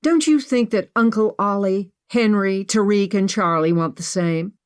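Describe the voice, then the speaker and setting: A woman acting out a shouting young heroine. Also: medium pitch, a little slow, smooth, voice pushed up, lightly acted. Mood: furious. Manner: shouting, indignant. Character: angry young woman, stubborn treasure hunter.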